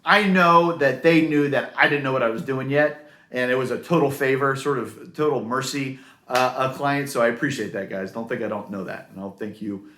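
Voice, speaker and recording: A man's voice: mid-range voice, normal speed, a bit bright. Guy telling his story, earnest and heartfelt, lots of ums, echoey room. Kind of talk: personal story to camera.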